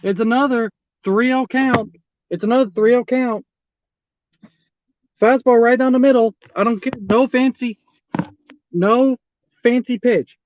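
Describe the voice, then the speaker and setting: Guy doing live fan commentary, super high voice, exasperated and repeating himself, dry close mic. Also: steady tone, measured pace, long pauses, no echo, muffled recording. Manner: exasperated, repeats the same pleas over and over. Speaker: fan streaming a live baseball watch-along.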